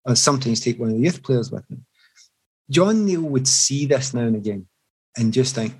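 A man's voice: medium pitch, a little fast, breathy edge, low-quality recording. A middle-aged man, a former footballer, telling reflective stories in an interview. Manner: reflective, animated anecdotes with restarts. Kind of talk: storytelling in an interview.

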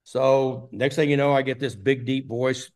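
With a steady, darkish, medium-pitched voice at normal speed, the older Texan interviewee spins long anecdotes packed with fillers during a casual conversation.

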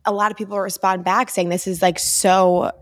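A woman's voice: medium pitch, flat delivery, moderate pace. A young pregnant woman chatting candidly with her mother, a little short of breath. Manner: candid, tired, frank. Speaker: fitness trainer. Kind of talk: casual chat.

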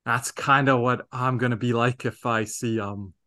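A man's voice: mid-range voice, fairly even intonation, normal speed, pushed and bright. A man co-hosting a fan podcast in casual sports chat, talking in a rambling, earnest way. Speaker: podcast co-host.

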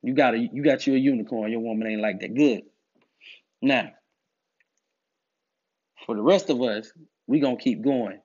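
A man delivers a direct-to-camera monologue on masculinity, emphatic and preachy, often repeating his points. His medium-pitched voice is expressive, darkish and slightly rough, with a measured pace and long pauses, on dull lo-fi audio.

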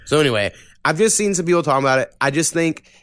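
A man's voice: a little high, animated, fast talker, a bit bright, clean tone, dry recording. A young man hosting a podcast in loose, profane casual chat, rambling with lots of fillers into a close mic. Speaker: podcast host.

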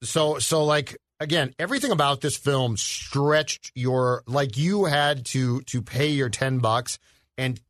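A man's voice: mid-range voice, unhurried, fairly bright tone, no echo, studio quality. A man co-hosting a movie podcast, sarcastically retelling scenes in casual chat. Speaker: podcast co-host.

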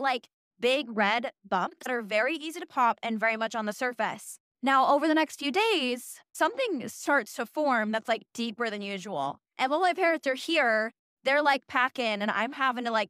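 A woman in her early twenties, hosting a podcast, tells a story in a casual, animated, profane and self-mocking way. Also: on the high side, no echo, clean studio sound. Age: early 20s. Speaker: podcast host.

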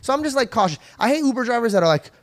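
A man's voice: very high voice, rapid-fire. A young man hosting a podcast, telling a story casually with swearing and acted-out lines. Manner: animated, swears, acts out other people's lines. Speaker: podcast host.

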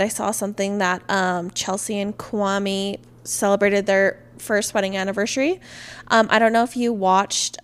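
A woman's voice: medium pitch, clean tone. A woman in her twenties co-hosting a podcast, chatting in a bubbly, enthusiastic way with plenty of slang. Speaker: podcast co-host. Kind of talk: casual chat.

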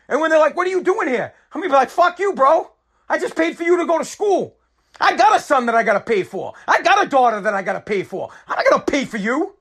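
Fired-up high-voiced man ranting. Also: fairly bright tone. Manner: heated, profane, repeats and restarts. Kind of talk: angry political rant.

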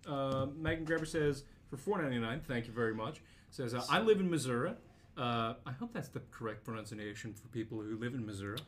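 A man's voice: mid-range voice, quick pace, hardly any pauses. A man co-hosting a podcast in casual chat, reading donations and rambling with jokes and restarts. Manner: joking, rambling, frequent fillers and restarts. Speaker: podcast co-host.

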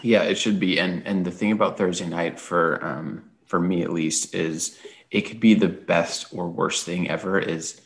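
A man with a low, gravelly voice co-hosts a sports podcast. He sounds tired from an early start. His chatty, rambling talk wanders and restarts. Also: fairly even intonation, moderate pace. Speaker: podcast co-host. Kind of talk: casual sports podcast chat.

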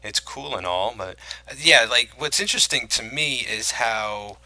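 A man's voice: mid-range voice, animated, normal speed, bright, forceful tone, dry recording, low-quality recording. A man co-hosting a podcast, chatting casually about films and his own memories, rambling with lots of fillers and restarts. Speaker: podcast co-host. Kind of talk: casual film chat.

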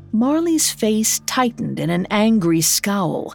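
A woman narrating a scripted ghost story in a measured, atmospheric way. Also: mid-range voice, animated. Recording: soft background music.

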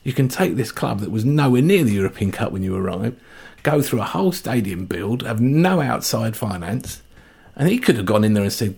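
A man's voice: medium pitch, sing-song, brisk, vocal fry, a little mellow, slightly rough. A man hosting a casual football chat, opinionated and mocking.

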